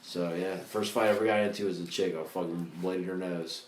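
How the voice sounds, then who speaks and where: A man's voice: fairly quick, a little hiss or hum. A man in his thirties telling rambling, profane stories on a casual comedy podcast, full of slang. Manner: profane, rambling, slangy, bursts into high excited voices for quotes. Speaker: podcast host. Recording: roomy echo.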